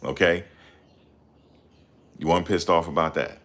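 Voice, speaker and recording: A man hosting a casual livestream, reading viewer comments and ranting heatedly with loud outbursts and repeated phrases. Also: sits low, measured pace, pauses often. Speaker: livestream host.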